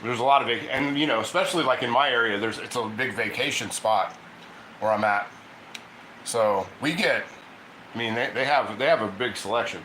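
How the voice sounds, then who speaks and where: Man from Ohio, rambling livestream cook, bright voice, echoey kitchen, faint noise behind. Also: medium pitch, moderate pace. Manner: rambling, chatty, reads viewer comments aloud. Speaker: cooking livestream host. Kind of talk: casual livestream chat while cooking.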